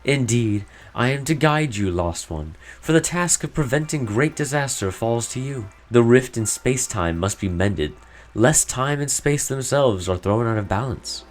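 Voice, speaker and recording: A man's voice: medium pitch, animated, moderate pace, natural voice. A man voicing a stern elderly woman who keeps old legends, reading game dialogue aloud in a solemn, formal, cryptic manner.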